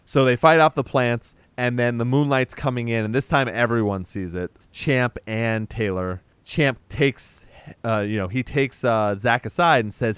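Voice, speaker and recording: Guy chatting through a movie plot, cussing and laughing, smooth voice, dry close sound. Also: medium pitch, normal speed, fairly bright tone, no echo. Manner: loose and profane, laughs while retelling scenes. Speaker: podcast co-host recapping a film. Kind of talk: casual chat.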